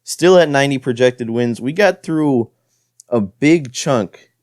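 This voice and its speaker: A man's voice: mid-range voice, animated, measured pace, a little mellow, no room sound, studio quality. A young man giving casual play-by-play commentary on his own video game, frustrated and self-deprecating. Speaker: gaming channel host. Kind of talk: gameplay commentary.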